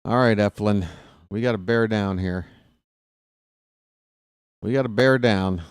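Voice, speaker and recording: Baltimore guy calling a ballgame, lowish voice, dry close mic, roots for his team. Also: unhurried, clear, resonant tone, no echo. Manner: excited fan rooting for his team. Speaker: play-by-play announcer. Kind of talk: solo baseball play-by-play commentary.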